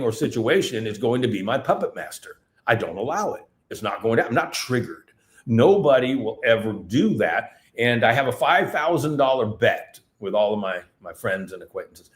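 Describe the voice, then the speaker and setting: Guy giving a seminar talk, lively swinging pitch, repeats himself for emphasis, echoey room. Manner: animated, repetitive, emphatic delivery. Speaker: seminar speaker. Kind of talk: live talk at a festival.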